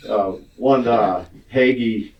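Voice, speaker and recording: A man's voice: mid-range voice, takes it slowly, dull audio. A man telling a long, profane, rambling story in a casual podcast chat, chuckling as he goes. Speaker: racing guest telling a story. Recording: distant mic with clear background noise.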